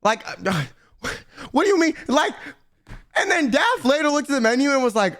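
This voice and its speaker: High, animated young man ranting. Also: moderate pace. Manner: animated ranting storytelling, heavy swearing. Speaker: streamer. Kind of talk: casual chat to stream chat.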